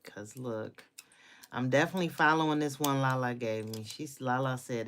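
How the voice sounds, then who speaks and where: A woman speaking in a notably low voice, blunt and outspoken, laughing often. She is venting casually to her viewers on a livestream, recorded on a phone. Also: a little slow, fairly bright tone, a little hiss or hum. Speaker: livestream host.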